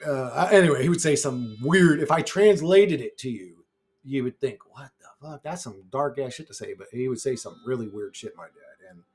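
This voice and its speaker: Brash swearing storyteller guy. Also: mid-range voice. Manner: brash, heavy swearing, rambling. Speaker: YouTuber. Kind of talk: casual storytelling.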